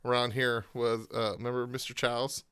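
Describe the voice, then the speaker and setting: A man's voice: mid-range voice, flat delivery, normal speed, a bit bright, clear, resonant tone. A man co-hosting a casual podcast, laid-back, with short replies and dry jokes. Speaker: podcast co-host. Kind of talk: casual chat.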